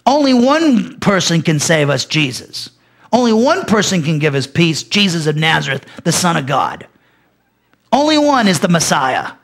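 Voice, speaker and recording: A male pastor teaching a Bible lesson, speaking emphatically with frequent restarts and sudden loud peaks. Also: a little high, sing-song, normal speed.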